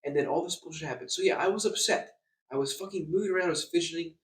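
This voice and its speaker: A young man rants fast about a bad experience, stumbling over his words and swearing as he goes. His voice sits back from the mic in an echoey hotel room. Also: fairly high pitch, distant mic, a little hiss or hum. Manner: agitated, swearing, stammering repeats. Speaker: vlogger. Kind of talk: angry storytime rant.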